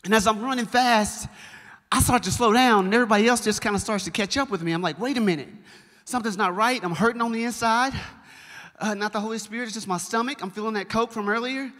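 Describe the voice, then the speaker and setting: A young man, a children's pastor, preaching a sermon and telling a story in an animated, conversational way, speaking straight to his congregation. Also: high voice, quick pace. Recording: long reverb of a large hall.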